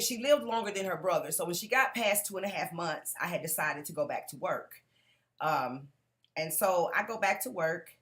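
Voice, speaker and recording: A woman tells her personal testimony to a live audience. Her voice sits a little low. She speaks in an earnest, direct way and keeps calling out to her listeners. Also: a bit bright. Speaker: conference speaker giving a testimony.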